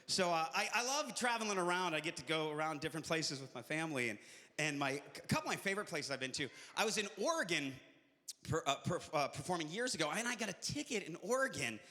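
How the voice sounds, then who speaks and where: High, bright-voiced comedian in a hall. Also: male voice, fast. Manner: animated storytelling, jumping into shouted character voices. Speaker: stand-up comedian. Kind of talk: live stand-up comedy. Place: live venue with audience. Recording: echoey live hall.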